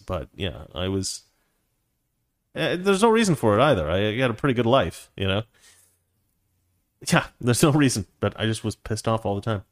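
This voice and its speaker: A man hosting a casual livestream, reading viewer comments and chatting in a rambling, self-correcting way with frequent laughs. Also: lowish voice. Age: adult, past his teens.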